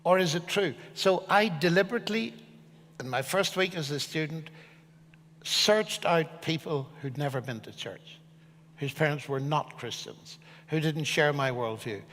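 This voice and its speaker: An older man from Ireland, a guest speaker answering questions on stage in an earnest, measured, emphatic way. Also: on the high side, a bit bright, big-room sound, slight background noise. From Northern Ireland. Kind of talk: public discussion on stage.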